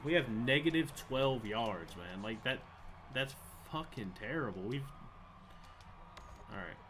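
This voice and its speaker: A man's voice: mid-range voice, animated, measured pace, noisy background. A young man giving live commentary over a football video game, frustrated and swearing as he rants about the plays. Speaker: gaming channel host.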